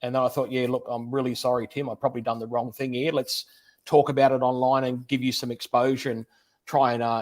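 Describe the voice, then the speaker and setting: A man's voice: medium pitch, flat delivery, a little fast, darkish tone. Chatty man hosting an interview. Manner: chatty, friendly, repeats words. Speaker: host, interviewer. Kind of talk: casual livestream interview.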